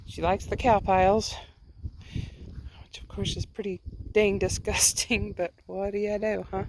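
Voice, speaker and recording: A woman's voice: medium pitch, level tone, measured pace, pauses often, a little mellow, slight background noise. A woman filming herself at a campsite talks casually to the camera in a mid-range voice. She drifts into a sing-song, coaxing tone when she speaks to her dog, and a dog can be heard nearby. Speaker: vlogger. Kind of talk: casual vlog chat. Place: camper van and outdoor campsite.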